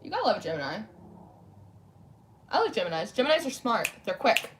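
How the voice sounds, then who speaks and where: Streaming live from a candle-lit room in her home, a young tarot reader rambles through her readings and answers comments from viewers in a relaxed, chatty way. She has a mid-range, sing-song voice and a brisk pace, with noise in the background.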